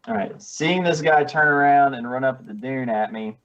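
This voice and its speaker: A man's voice: mid-range voice, normal speed, fairly bright tone. A man playing a tabletop game, hesitant and casually swearing as he decides his moves. His mid-range voice comes through a dull, lo-fi mic. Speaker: player.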